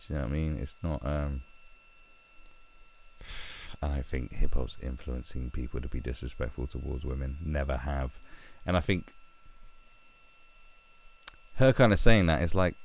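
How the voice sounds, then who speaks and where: A man's voice: a bass voice, unhurried, vocal fry, long pauses, a little mellow. A man giving rambling, sweary commentary and often restarting his sentences. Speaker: YouTube commentator. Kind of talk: ranting commentary.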